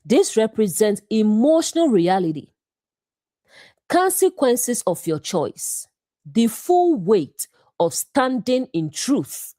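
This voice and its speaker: A woman giving a scripted devotional Bible teaching, speaking in short, deliberate phrases with a measured delivery. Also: on the high side, big pitch swings, warm tone, no room sound, clean studio sound.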